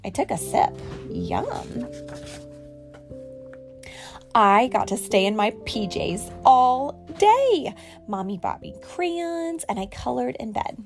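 A woman reading a children's picture book aloud to a child in an expressive, sing-song storytelling way. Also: fairly high pitch, measured pace, gravelly, faint music behind. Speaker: reader.

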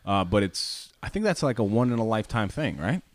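A man's voice: lowish voice, sing-song, fairly quick, no echo. A man co-hosting a podcast, chatting with enthusiasm and reacting eagerly. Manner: enthusiastic, eager listener, laughs along. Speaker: podcast co-host. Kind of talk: casual chat.

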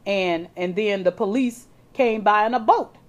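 A woman's voice: mid-range voice, a little slow. Woman preacher, folksy, often stumbles on repeated words, keeps turning to her congregation. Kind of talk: sermon.

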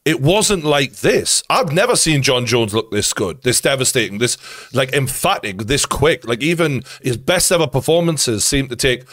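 A man's voice: mid-range voice, sing-song, normal speed, fairly bright tone, no echo. Enthusiastic male podcast host, dry sound. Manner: enthusiastic, thinks aloud with fillers. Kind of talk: casual chat.

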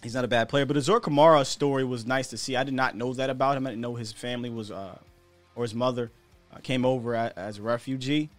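A man's voice: mid-range voice, steady tone, quick pace, no echo, faint music behind. An American man hosting a sports podcast, talking in a chatty, candid way with slang and the odd chuckle. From United States. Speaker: podcast host. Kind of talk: casual sports talk commentary.

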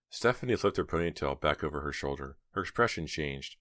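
Man reading an audiobook, extremely low voice, steady and measured, dry close sound. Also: dry recording. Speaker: audiobook narrator. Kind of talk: scripted narration.

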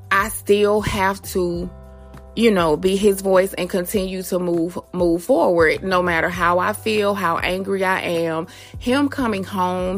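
A woman hosting a solo podcast, talking in an earnest, reflective way with many fillers and pauses. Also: mid-range voice. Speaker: podcast host.

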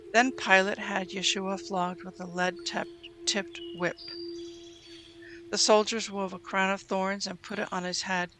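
A host reads scripture aloud at an even, measured pace, with a clear musical bed playing underneath. The voice sits in a middle pitch. Quoted lines are read plainly, with little change of voice. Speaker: Bible reading host. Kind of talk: scripture reading. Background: music bed under the reading.

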